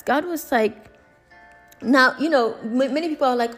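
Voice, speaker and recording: A woman's voice: high voice, normal speed, pauses often, fairly bright tone, soft background music. A woman teaching a Bible study, reading scripture and paraphrasing it expressively in casual speech.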